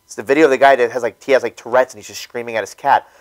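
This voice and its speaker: A man joking crudely as a guest in a casual chat, telling stories with lively energy. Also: medium pitch, rapid-fire, poor audio. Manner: animated, crude joking storyteller.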